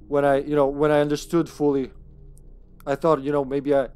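A man's voice: on the high side, completely flat delivery, normal speed, a little mellow, clear, resonant tone, soft background music. A man from Serbia with a Serbian accent, chatting casually through a live gameplay stream, laughing often and reading game text aloud.

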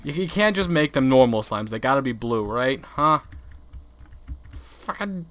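A young man hosting gaming videos narrates his let's play close to a desk mic in a dry recording, his mid-range voice expressive, a bit bright, and at normal speed. He gets exasperated and profane, regularly swearing and laughing at whatever happens.

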